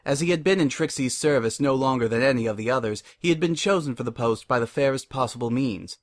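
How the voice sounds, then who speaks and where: A man narrating a story in a measured, expressive dramatic reading. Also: medium pitch. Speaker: reader.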